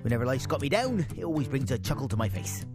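A man's voice: medium pitch, big pitch swings, fast. A man doing an impression of a mumbling British rock musician giving an offhand endorsement. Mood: lazy. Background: guitar music.

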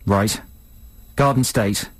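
A man's voice: fairly low pitch, slow, a bit bright, no room sound. A man co-hosting a comedic radio show, joking playfully with callers. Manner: playful, jokey, interrupts often. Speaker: radio host.

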